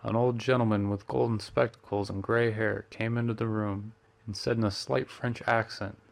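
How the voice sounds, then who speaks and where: A man reading a story aloud at a steady, measured pace. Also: fairly low pitch, gravelly. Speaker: narrator.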